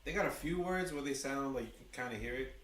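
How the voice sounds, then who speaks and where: A man with a New York accent giving chatty, excitable fan commentary to his livestream chat. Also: medium pitch, fast, reverberant, recorded from a distance, slight background noise. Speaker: livestream host. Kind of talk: fan watch-along commentary.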